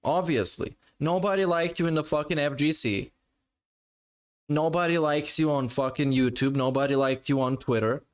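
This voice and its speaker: A man's voice: fairly high pitch, steady tone, normal speed, clean tone. A man reacting live to a clip with sarcastic, mocking, profanity-laden commentary. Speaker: reaction streamer.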